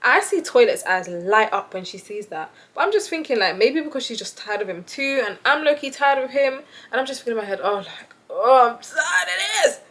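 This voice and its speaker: A woman's voice: on the high side, brisk, few pauses. Chatty young woman telling a story. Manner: animated, chatty, laughs often. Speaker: vlogger. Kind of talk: casual storytime chat.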